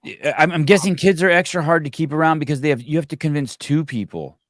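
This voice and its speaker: A man's voice: a little high, fast talker, no room sound, studio quality. A man in his forties hosting a call-in podcast, telling blunt, profane stories in casual chat. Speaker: podcast host.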